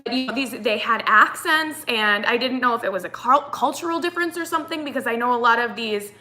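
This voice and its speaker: Young woman vlogger, bright and slightly high voice, chatty storytime delivery. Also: quick pace. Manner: animated retelling, acts out quotes, fillers like "like". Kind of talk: casual storytime chat.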